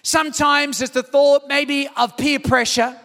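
Man, middle-aged pastor, sermon, very high voice, gravelly, long hall reverb. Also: a little slow. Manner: animated storytelling preacher, calls out to the congregation. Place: church auditorium.

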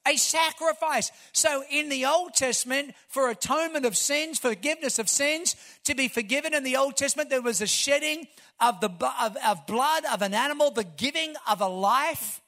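A man, a pastor preaching a sermon, telling stories and building to shouted emphasis. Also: extremely high pitch, moderate pace.

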